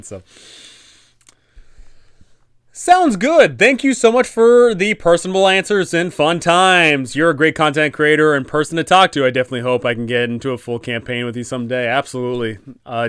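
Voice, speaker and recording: Male game-master streamer, casual and rambling; smooth, somewhat high voice, dry close-mic sound. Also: fairly bright tone, no echo. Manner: rambling, many restarts and fillers. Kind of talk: casual livestream chat.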